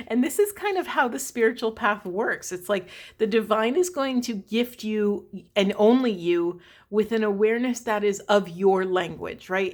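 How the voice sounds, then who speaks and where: A woman spiritual coach talking casually to her viewers, earnest and rambling, often checking in with asides. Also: medium pitch. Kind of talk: casual spiritual talk to camera.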